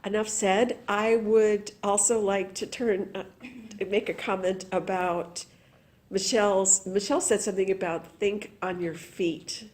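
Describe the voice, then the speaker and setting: A woman's voice: mid-range voice, steady tone, measured pace, darkish tone. A woman chairing a club meeting, calling up speakers and praising them with frequent laughs. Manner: encouraging, laughs often.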